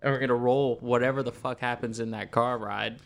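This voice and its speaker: A young man in the middle of a casual podcast, trading quick jokes with plenty of cursing. His voice sits at an ordinary middle pitch. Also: fairly even intonation, vocal fry. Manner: joking, profane, quick banter. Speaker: podcast co-host. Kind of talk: casual chat.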